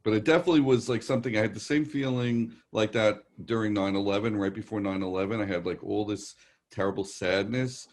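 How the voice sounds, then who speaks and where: Psychic medium, man, New York accent, lowish voice, loose rambling reassurance. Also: fairly even intonation, brisk, darkish tone, a little hiss or hum. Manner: rambling, reassuring, relays messages in quotes. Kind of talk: live virtual show readings.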